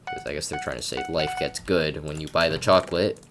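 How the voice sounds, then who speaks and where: A man's voice: rumbling low, a little fast, a bit bright, faint music behind. A man from Canada giving casual gameplay commentary at his computer, rambling and stammering with lots of repeated words and self-mocking asides. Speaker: gaming commentator.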